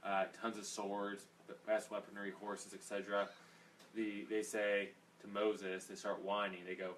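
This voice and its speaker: Leading a casual Bible study, a man rambles conversationally and uses plenty of fillers. His voice sits on the low side with fairly even intonation and normal speed. He's a little away from the mic, so it sounds distant, with faint background noise.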